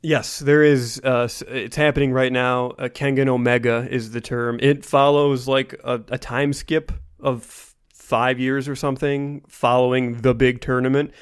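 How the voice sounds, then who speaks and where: A man co-hosting a podcast, explaining in relaxed casual chat with many fillers. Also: mid-range voice, normal speed, few pauses, smooth. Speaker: podcast co-host.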